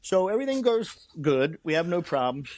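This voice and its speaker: A man's voice: fairly high pitch, normal speed. A man who is a guest on an interview show. He tells a long story with lots of energy, acts out the voices of the people in it and often restarts his sentences. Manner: animated storyteller who acts out the quoted lines, with frequent restarts. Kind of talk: storytelling in a conversation.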